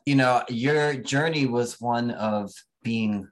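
A man's voice: medium pitch, slow, rough recording. A man from New Jersey hosting a podcast, talking casually and bluntly, swearing freely. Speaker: podcast host. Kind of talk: casual conversation.

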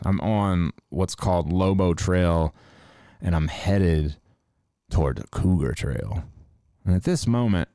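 A man's voice: low voice, dark tone, dry recording, clean studio sound. A young man hosting a casual podcast, telling rambling stories full of swearing in a laid-back way. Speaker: podcast host. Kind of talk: casual livestream podcast monologue.

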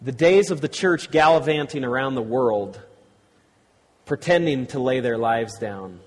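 A man's voice: mid-range voice, animated, a little slow. A man preaching conversationally, with restarts and asides to the audience, before reading from a storybook. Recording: long reverb of a large hall.

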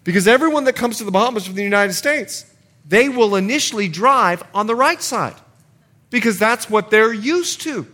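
Lively, high-voiced preacher man. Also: normal speed. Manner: animated preaching with acted-out asides. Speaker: pastor. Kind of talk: sermon.

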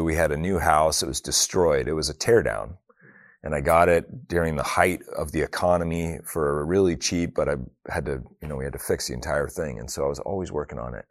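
At a faith talk, a middle-aged man with a rumbling low voice leads a prayer and then shares personal stories, mixing humor with earnest reflection and acting out family dialogue. The recording is dry and studio-quality.

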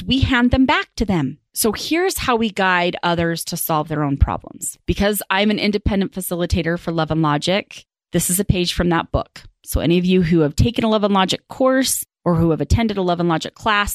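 A woman's voice: on the low side, no room sound. A woman in her thirties hosting a parenting podcast, talking casually and acting out different tones of voice with emphatic repetition. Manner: animated, acts out example tones, emphatic repetition. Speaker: podcast host and parenting educator. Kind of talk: casual teaching talk.

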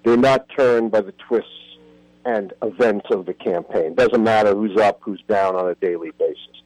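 A man's voice: lowish voice, normal speed, darkish tone, no echo, poor audio. An older man, a history professor, telling stories with animation and emphasis as a guest in a radio interview.

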